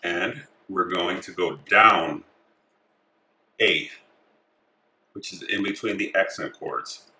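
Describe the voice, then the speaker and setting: Low-voiced man teaching a knot, echoey room. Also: slow pace, long pauses. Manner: calm, talks through each step as he works. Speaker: craft tutorial host. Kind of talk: step-by-step instruction.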